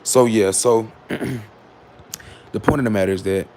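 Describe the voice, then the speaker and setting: A man talks straight to his livestream chat in a low, gravelly voice. He rambles and restarts, and his tone is sarcastic and candid. A faint noise sits under the recording. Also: slow. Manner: switches to loud scolding of commenters. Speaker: livestream host. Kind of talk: casual livestream talk to chat.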